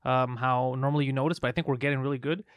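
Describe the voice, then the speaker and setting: A man's voice: medium pitch, steady tone, racing, clear, resonant tone, dry recording, clean studio sound. A man from Honduras co-hosting a crude, joking casual chat, swearing and laughing often.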